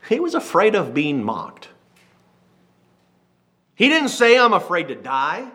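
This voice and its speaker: A man preaching a sermon, reading scripture slowly and then retelling it in lively everyday speech, acting out the characters. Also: high voice. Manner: switches from slow King James reading to lively paraphrase.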